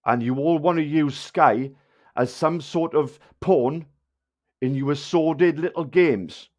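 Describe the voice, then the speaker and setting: A man's voice: a little high, slow pace, a little mellow. A man with a South Wales Valleys accent ranting angrily at viewers on a livestream, swearing and hurling insults. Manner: angry, insulting, heavy swearing.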